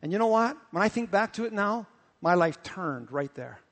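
A man, a pastor, preaching a sermon with animated, repetitive storytelling. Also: high-pitched, moderate pace. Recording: long reverb of a hall.

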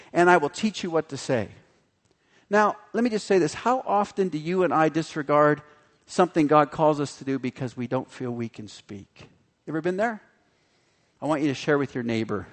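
A man preaching a sermon in a slightly high voice, animated and playful as he acts out the people in his story. His voice rings with the long reverb of a large hall. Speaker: pastor.

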